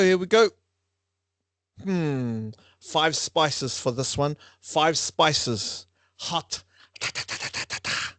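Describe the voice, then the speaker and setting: A man hosting a lively quiz for a class, playful and teasing with frequent laughter. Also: a little high, dry recording. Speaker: online class quiz host.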